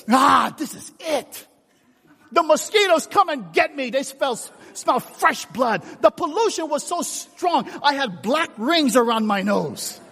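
Animated preacher man in a reverberant hall. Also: very high-pitched. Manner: animated storytelling, shifts from shouts to hushed whispers. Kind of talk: sermon with acted-out stories.

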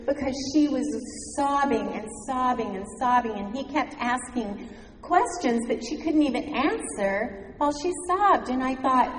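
A woman with a somewhat high voice tells a story in sermon style, earnest and slowing down on the key words. She is recorded in a large, echoey hall with a long reverb tail and faint room ambience behind her. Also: slight background noise. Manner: earnest storyteller, slows for emphasis. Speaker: speaker at a church gathering.

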